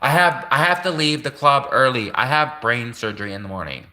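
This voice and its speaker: A man's voice: mid-range voice, expressive, brisk, pushed and bright. A man voicing a ditzy party-girl female brain surgeon, giggling and drawling like a valley girl. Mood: giggly.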